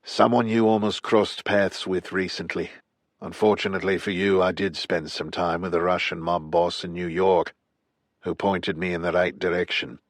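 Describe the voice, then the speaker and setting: Menacing hitman, South African accent, very low voice, cool and unhurried, dry close sound, male audiobook narrator. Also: flat delivery, dry recording. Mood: cold.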